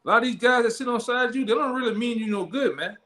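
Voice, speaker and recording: Male Bible teacher, higher voice, streetwise and profane, keeps checking in with listeners. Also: quick pace, pushed and bright. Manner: blunt and profane, punctuates lines with "man" and "all right?". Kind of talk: street-style scripture teaching.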